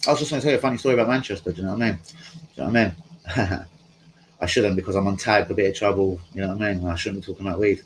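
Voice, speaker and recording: A man's voice: sits low, rapid-fire, a little hiss or hum, poor audio. A man hosting a live stream from home, chatting casually in a rambling, slangy way and talking to his viewers. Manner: rambling, slangy, talks to chat.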